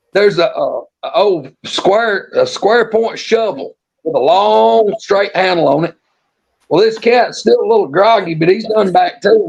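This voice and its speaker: A man's voice: sits high, creaky, slightly rough. A man telling a folksy yarn in casual talk, drawling and restarting his sentences. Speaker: storyteller on a live show. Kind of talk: casual storytelling. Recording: muffled lo-fi stream audio.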